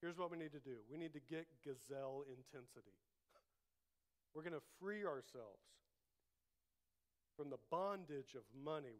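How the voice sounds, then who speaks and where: A man's voice: a little high, moderate pace, long pauses. A man preaching a sermon as pastor, emphatic, repeating key phrases and leading the congregation to say them back. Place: church.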